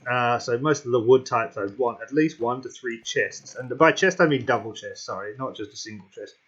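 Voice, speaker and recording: A man giving casual gameplay commentary, thinking aloud with many fillers and pauses while hiccuping. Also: medium pitch, fairly bright tone, husky, highs cut off.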